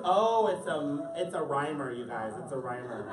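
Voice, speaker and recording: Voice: mid-range voice, very animated, moderate pace. A drag queen reading a picture book aloud to children, with playful joking asides to the audience. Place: indoor event space with a family audience. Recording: echoey room, far from the mic, crowd.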